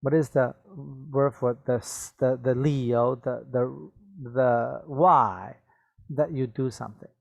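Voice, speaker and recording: A male English teacher with a middle-pitched voice talks slowly and patiently. He repeats each word and keeps checking that his students follow with a quick "okay?". He is recorded close to the mic in a dry room with no echo. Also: steady tone, vocal fry. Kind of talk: classroom vocabulary lesson.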